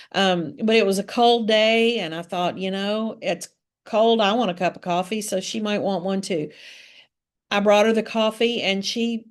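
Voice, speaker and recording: Calm woman giving a training webinar. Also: medium pitch. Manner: gentle, calm storytelling with many fillers. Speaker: trainer on de-escalation.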